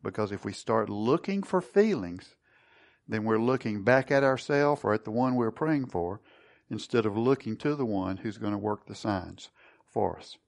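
A man's voice: fairly low pitch, lively intonation, moderate pace, gravelly. A man preaching a sermon, teaching and putting questions to his congregation. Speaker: pastor.

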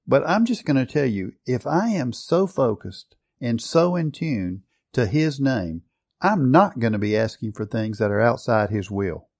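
A man preaching a sermon, emphatic, stretching out key words and often changing his loudness. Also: mid-range voice, expressive, a little slow, gravelly, husky.

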